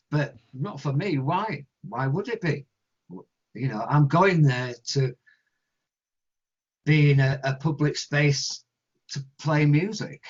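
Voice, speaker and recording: A man with an English accent, a guest musician telling stories in an interview, animated and acting out other people's voices. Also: fairly high pitch, slow pace, long pauses. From England. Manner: animated storyteller, acts out quoted voices. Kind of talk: storytelling interview answers. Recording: lo-fi muffled audio.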